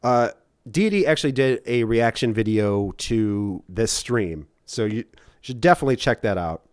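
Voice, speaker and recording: A man's voice: fairly low pitch, expressive, moderate pace, darkish tone, smooth. A man hosting and mocking a replayed stream in a sarcastic, teasing way. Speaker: host commenting on a replayed stream. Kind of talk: casual mocking commentary.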